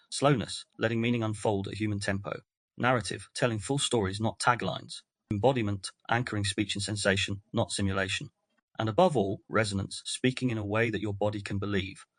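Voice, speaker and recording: A man hosting a podcast, reading a scripted, reflective essay in a measured way with deliberate pauses. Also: on the low side, a bit bright, no room sound. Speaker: podcast host. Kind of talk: scripted narration.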